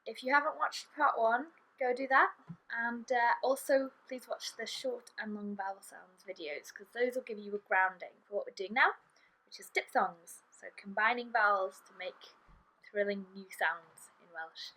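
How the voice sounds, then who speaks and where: A woman teaching a language lesson online, slowly saying and repeating each sound for learners, recorded indoors in a city. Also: a little high, sharp tone, poor audio. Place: indoor room in a city, street traffic outside.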